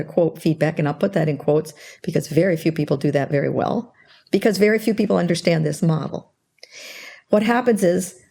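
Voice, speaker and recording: Older lady explaining stuff in an interview, gravelly low warm tone, acts out the back-and-forth. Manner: animated storyteller, acts out quoted dialogue. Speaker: guest expert on interpersonal skills.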